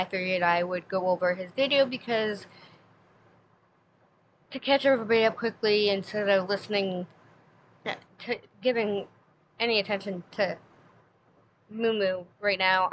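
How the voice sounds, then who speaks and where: A woman streamer chatting casually and rambling with fillers, her breath short from asthma. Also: mid-range voice. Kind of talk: casual live-stream chat. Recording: slightly dull lo-fi mic, faint noise.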